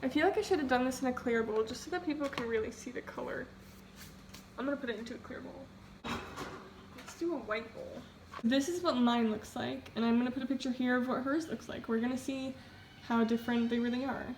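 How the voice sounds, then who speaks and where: A woman's voice: high voice, a little fast. A young woman vlogging casually while cooking in her home kitchen, rambling and poking fun at herself. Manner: chatty, rambling, self-deprecating, many "like"s. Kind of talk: casual cooking vlog chat. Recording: home video with steady background noise.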